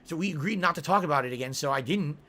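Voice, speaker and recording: A man's voice: fairly high pitch, lively intonation, very fast, pushed and bright. A man in a heated, insistent monologue, ranting and repeating words for emphasis. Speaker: online video creator.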